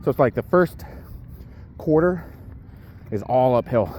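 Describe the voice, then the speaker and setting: A man's voice: mid-range voice, expressive, unhurried, darkish tone, a little hiss or hum. A man talking casually into his camera while walking his dog outdoors, a bit out of breath from the uphill walk and rambling with lots of fillers. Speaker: powerlifter vlogging his day.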